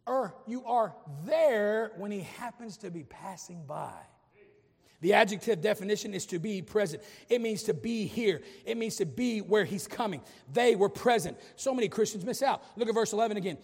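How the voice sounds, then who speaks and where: A man preaches with fervor and wry humor, his voice pitched very high and rough with gravel. It is husky and carried by a long church reverb. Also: expressive, moderate pace, a little mellow. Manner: impassioned preaching with humorous asides. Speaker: pastor. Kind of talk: sermon.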